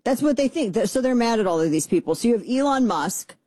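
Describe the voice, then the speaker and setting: A middle-aged woman hosting a political talk radio show, sarcastic and exasperated with quick asides. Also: on the high side, animated, warm tone, no echo.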